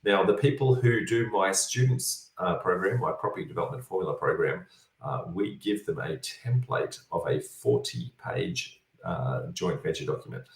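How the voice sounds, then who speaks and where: A tired man with a very low voice works through viewer questions point by point, padding his teaching with fillers and calling his listeners folks. He sits a little back from the mic in a roomy, echoing space. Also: expressive, moderate pace, recorded from a distance. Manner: instructive, repeats points, many fillers. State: tired, yawning. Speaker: property development educator answering viewer questions. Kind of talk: online Q&A session.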